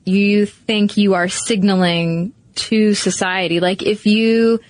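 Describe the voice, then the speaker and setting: A woman co-hosting a casual chat show, animated and full of "like" fillers. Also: mid-range voice, slow, no echo. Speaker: podcast co-host.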